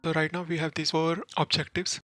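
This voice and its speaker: A man's voice: fairly high pitch, flat delivery, a little fast, pushed and bright, slight background noise, rough recording. A man casually commenting on a game walkthrough, explaining each step plainly. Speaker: gaming channel host.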